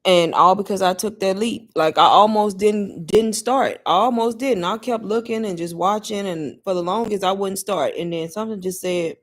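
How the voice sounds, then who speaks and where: Medium in pitch, at normal speed and with hardly any pauses, a woman answers questions on a relaxed live Q&A stream. An adult mother, she chats and laughs often, speaking straight to her audience as "y'all."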